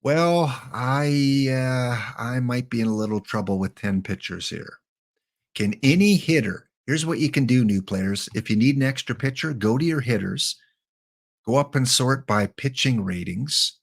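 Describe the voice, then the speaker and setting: A creaky, medium-pitched male voice moves at an unhurried pace during a live game stream. The host thinks aloud while choosing players, muttering their names, with casual asides aimed at his chat.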